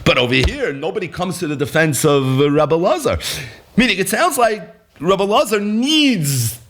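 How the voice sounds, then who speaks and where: Animated man teaching Talmud. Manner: animated, swoops up in pitch for quotes, laughs often. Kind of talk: daily Talmud lesson.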